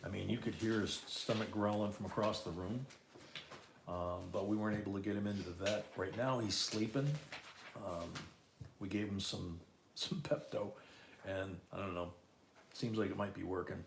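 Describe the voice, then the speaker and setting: A man's voice: fairly low pitch, fairly even intonation, normal speed, vocal fry, background noise. A man hosting a casual live coin auction, calling out bids and chatting with viewers from home. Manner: chatty, repeats bids and co-host's remarks.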